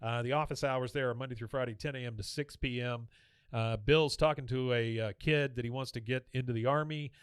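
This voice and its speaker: A man's voice: mid-range voice, steady tone, fairly quick, clear, resonant tone, dry recording. Male podcast host, mid-range voice, rambling chatty recap, dead-dry close mic. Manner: chatty, retells scenes with filler and quoted lines. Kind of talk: casual episode recap.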